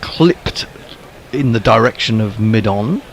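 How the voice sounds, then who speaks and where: Lively, wry male cricket commentator. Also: lowish voice, takes it slowly, gravelly, slight background noise. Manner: wry and rambling, filled with ums. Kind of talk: ball-by-ball commentary.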